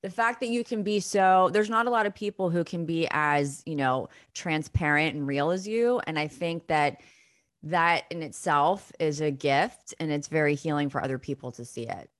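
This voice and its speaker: Deep-voiced lady guest, earnest and reassuring, lots of mm-hmms. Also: normal speed. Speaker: guest podcaster. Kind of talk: supportive conversation.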